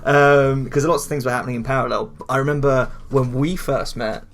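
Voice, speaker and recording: A man's voice: medium pitch, steady tone, brisk, fairly bright tone, a little hiss or hum. Rambling, swearing young Englishman. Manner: rambling, laughing, swearing, many fillers. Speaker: podcast co-host. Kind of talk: casual chat.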